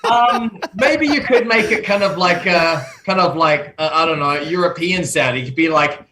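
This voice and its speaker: A man's voice: on the high side, moderate pace, noisy background. A man, a guest on a live interview stream, talking in an exuberant, theatrical way and sometimes calling himself by name in the third person. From Australia. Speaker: guest, pro wrestler and metal singer. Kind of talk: livestream interview chat.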